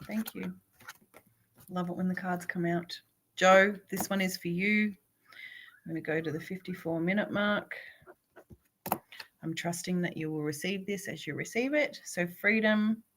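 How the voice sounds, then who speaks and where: A woman's voice: on the low side, unhurried, long pauses, slight background noise. A woman, a spiritual coach, doing a live oracle card reading and speaking encouragingly to viewers by name.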